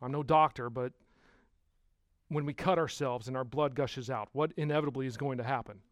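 A man preaching a sermon as pastor, putting rhetorical questions to the congregation and swinging from hushed to loud. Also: mid-range voice, fairly even intonation, a little fast, no echo.

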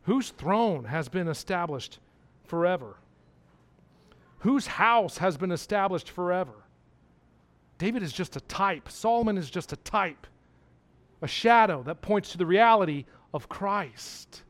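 A man's voice: high voice, lively intonation, a little slow, long pauses. A man preaching a sermon, emphatic and repetitive, asking his listeners questions.

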